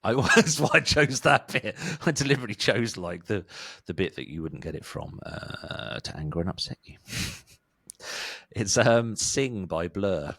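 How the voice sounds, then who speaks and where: A man's voice: lowish voice, lively intonation, normal speed, creaky, a bit bright, breathy edge. A man co-hosting a music podcast in casual chat, rambling, restarting and laughing often. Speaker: podcast co-host.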